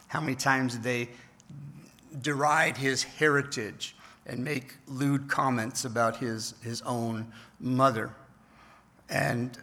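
A middle-aged pastor preaching a conversational sermon, asking the congregation rhetorical questions. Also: male voice, medium pitch, a bit bright.

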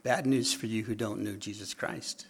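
Gravelly man preaching, loud then hushed. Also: fairly low pitch, steady tone, normal speed. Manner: swings from loud emphatic lines to hushed, near-whispered asides. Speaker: pastor. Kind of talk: sermon.

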